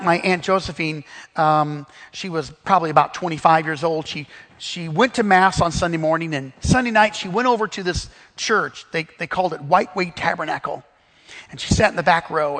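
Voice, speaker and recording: High-voiced man preaching in a reverberant hall. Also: a bit bright. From Missouri, US Midwest. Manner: halting, full of restarts and fillers. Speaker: Bible study teacher. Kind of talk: sermon-style storytelling.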